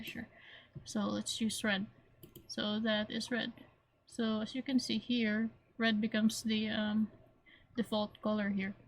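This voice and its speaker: Flat-voiced woman teaching a software lesson. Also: on the high side. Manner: plain, step-by-step, repeats points, frequent throat clearing. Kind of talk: screen-recorded software tutorial.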